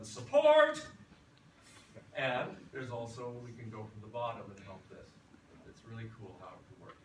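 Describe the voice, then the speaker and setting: Guy lecturing a voice class, chatty, echoey room from far away, some noise. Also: on the low side. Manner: relaxed, chatty, tells anecdotes. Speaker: voice teacher. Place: classroom or rehearsal hall. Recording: roomy, from far off, noisy.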